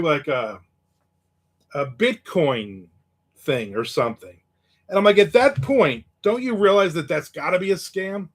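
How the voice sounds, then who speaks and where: Chatty, wry man with a higher voice. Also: a bit bright. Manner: chatty, wry and cynical, reads out viewer comments. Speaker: host. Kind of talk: casual livestream chat.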